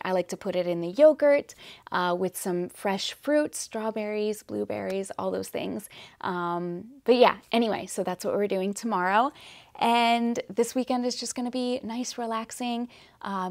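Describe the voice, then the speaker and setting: Chatty woman vlogger with a gravelly edge. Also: medium pitch, darkish tone, no echo, studio quality. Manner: upbeat, chatty, rambling. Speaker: lifestyle vlogger. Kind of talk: casual chatty vlog to camera.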